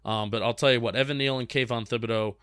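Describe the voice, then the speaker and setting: A man's voice: medium pitch, fairly even intonation, fast talker, a bit bright, clean tone, no room sound. Young man, co-host, casual rambling chat, restarts, reads fan questions, dry close sound. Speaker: sports podcast co-host.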